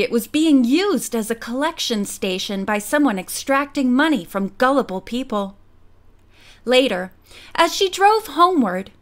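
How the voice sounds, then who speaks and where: A woman narrating a girls' mystery audiobook in a measured, quiet storytelling manner. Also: sits high. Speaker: audiobook reader. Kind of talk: scripted narration.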